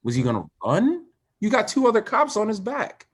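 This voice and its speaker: A man's voice: high voice, brisk, husky. Guest: man, candid storyteller, voice rising and falling widely, emphatic. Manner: animated, emphatic, swings between quiet and raised. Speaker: guest, former Olympic swimmer. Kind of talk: candid personal storytelling in conversation.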